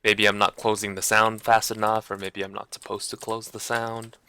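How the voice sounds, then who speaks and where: A man's voice: fairly low pitch, level tone, normal speed, sharp tone, smooth. A man streaming live, chatting casually in a hesitant, self-conscious way and laughing at himself. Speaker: livestreamer.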